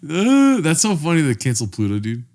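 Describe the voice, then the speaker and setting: A man's voice: on the high side, wildly swooping pitch, fairly quick, background noise. A man co-hosting a podcast in casual chat, telling crude, rambling joking stories. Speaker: podcast co-host.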